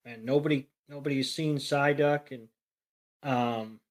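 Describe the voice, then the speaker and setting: A man on a podcast, recapping a cartoon in an animated way, swearing freely and acting out characters' lines. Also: mid-range voice, unhurried. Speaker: podcast co-panelist. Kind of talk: casual episode recap.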